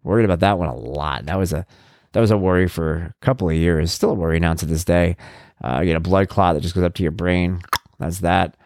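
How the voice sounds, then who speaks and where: A man's voice: low voice, brisk, no echo, clean studio sound. A middle-aged man and parent, a podcast host telling casual stories in a monologue and acting out the voices of people he quotes. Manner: animated, acts out quoted voices.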